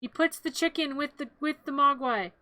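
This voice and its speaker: A woman's voice: sits high, moderate pace, bright, forceful tone, dry recording. A woman streamer narrating a movie in a playful, rambling, chatty way with little quips.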